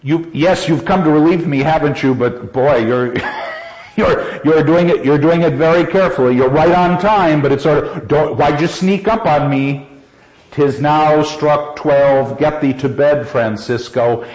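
A man lecturing a class on a play, animated and quick to laugh, sometimes acting out quoted lines in a raised voice. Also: fairly high pitch. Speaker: literature teacher. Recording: dull lo-fi classroom recording.

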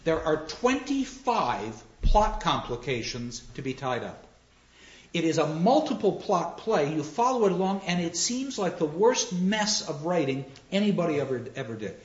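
A man's voice: fairly high pitch, sing-song, moderate pace. A man lecturing on drama with frequent restarts, animatedly acting out the lines he quotes. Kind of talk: lecture with audience questions. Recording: dull roomy lecture recording.

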